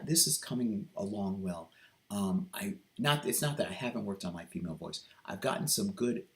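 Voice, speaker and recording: A man talking through a reflective personal vlog, hesitant and earnest, with many pauses, ums and restarts. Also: on the low side, animated. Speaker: vlogger.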